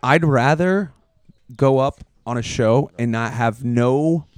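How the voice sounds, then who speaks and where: A man's voice: medium pitch, slow, clean tone, no room sound. A man who is a comedian, chatting casually on a podcast, thinking aloud in long winding sentences with fillers.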